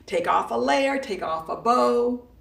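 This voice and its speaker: A self-help coach and live-stream host gives a casual motivational talk to a live audience, playful, emphatic and leaning on repetition. Her fairly high voice is expressive, gravelly and unhurried. She sounds a little distant from the mic in a roomy, echoing space.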